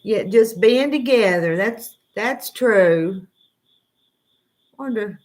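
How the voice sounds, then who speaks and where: A woman's voice: medium pitch, expressive, takes it slowly, darkish tone. A woman with a Southern US accent hosting an early-morning livestream, rambling in a laid-back way and greeting her viewers by name. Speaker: livestream host. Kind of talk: casual livestream chat.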